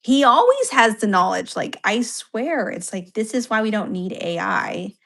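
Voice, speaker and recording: A young woman talks fast and freely, jumping into anecdotes and acting out what friends said. Her pitch sits in the middle of the usual range. It comes through a video call. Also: creaky. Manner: chatty, animated, quotes others in little voices. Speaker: co-host. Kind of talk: casual chat over a video call.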